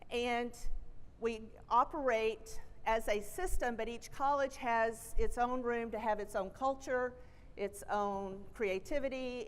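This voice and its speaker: Texan woman speaking in a reverberant hall. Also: fairly high pitch. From Texas. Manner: friendly, chatty, self-deprecating asides. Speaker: college president giving a keynote. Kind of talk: conference keynote speech. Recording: reverberant auditorium.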